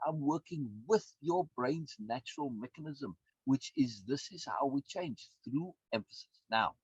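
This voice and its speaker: A man's voice: mid-range voice, slightly rough, dry recording. A man, a course instructor and coach, giving a recorded lecture in an emphatic way, repeating words and often adding tag questions. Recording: dull, dry lo-fi sound.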